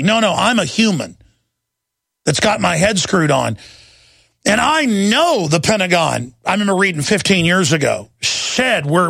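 A man in his thirties hosting a talk radio show, delivering an impassioned rant into a studio microphone and breaking into shouting. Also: sits high, vocal fry, no room sound. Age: 30s. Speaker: radio host.

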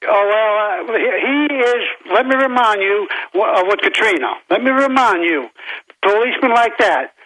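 A male caller on a phone line, speaking in a halting, agitated way. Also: high voice, animated, bright, forceful tone, no echo. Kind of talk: phone-in call.

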